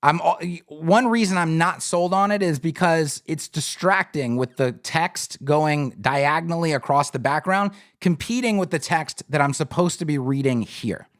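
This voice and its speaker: A man's voice: a little high, moderate pace, few pauses, a bit bright. A man hosting a live-streamed website critique, talking in an emphatic, conversational way and often asking "right?". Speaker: web design critique host.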